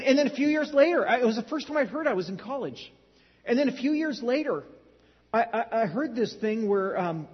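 A man's voice: very high-pitched, slightly rough. A middle-aged man preaching a sermon, telling stories in a conversational way with dry humor. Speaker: pastor. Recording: dull lo-fi sound in a large hall.

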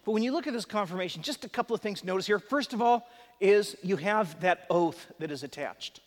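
A man's voice: high voice, expressive, brisk. A man preaching a sermon to a live congregation, conversational and emphatic, with chatty asides. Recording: long hall reverb.

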